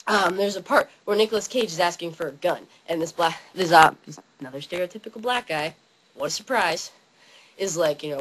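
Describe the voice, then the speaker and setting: Young woman yelling about a movie she loves, kinda husky, voice jumps all over the place. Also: lowish voice, expressive, a little fast, poor audio. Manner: yelling, hyper, acts out scenes in funny voices. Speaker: vlogger. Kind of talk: excited movie rant.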